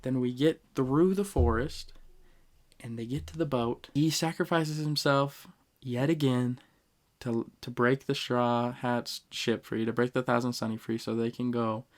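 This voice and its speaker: A young man hosting a podcast, casually ranking anime moments with animated, emotional storytelling and slang. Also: mid-range voice, measured pace. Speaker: podcast host.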